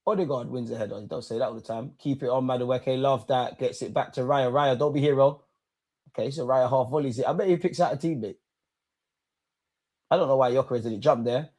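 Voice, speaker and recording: A young man with a mid-range voice hosts a live football watch-along, speaking briskly as he reacts to the match. He gets excited, swears at the referee, and tells the players to calm down.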